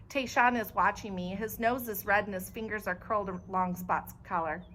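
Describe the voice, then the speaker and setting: Bright-voiced woman reading aloud. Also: mid-range voice, moderate pace, hardly any pauses, slight background noise. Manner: clear, expressive storytelling. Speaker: children's librarian. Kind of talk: reading a chapter book aloud.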